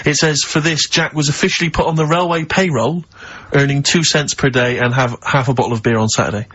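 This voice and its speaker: A man's voice: a little high, steady tone, brisk, a bit bright, husky. A man co-hosting a radio show, reading out emails and complaining in a dry, matter-of-fact way. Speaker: radio co-host. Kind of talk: casual radio banter. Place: radio studio. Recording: lo-fi radio recording.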